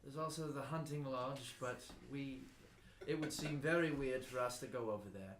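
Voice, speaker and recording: A man's voice: mid-range voice, normal speed, a little hiss or hum. A man playing a tabletop role-play game, talking casually and hesitantly, often trailing off. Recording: roomy echo.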